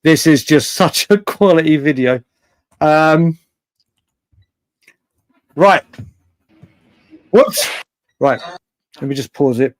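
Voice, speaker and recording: A man's voice: a little high, slow, long pauses, no room sound. A man hosting a late-night live fan stream, chatty and rambling, often laughing and swearing freely. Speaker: fan show host.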